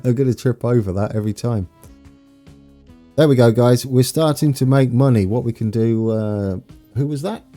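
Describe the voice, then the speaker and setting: A man's voice: medium pitch, moderate pace, dark tone, soft background music. A young English man with an East Anglian accent streaming a game, chatting casually, laughing at himself and greeting viewers by name. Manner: chatty, self-mocking, laughs often, reads out viewer names. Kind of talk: casual live-stream chat while playing.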